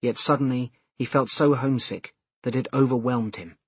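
A man reading an audiobook aloud in a calm, measured narration. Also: mid-range voice, husky, no room sound. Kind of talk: scripted narration.

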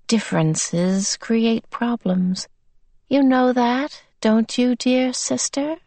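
Creepy monotone possessed boy, slow and deliberate, storybook villain, read by a woman. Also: a little high, no echo, pitched above the performer's own voice. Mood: coaxing. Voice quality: monotonous, flat. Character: possessed little boy, cold, sinister, monotonous.

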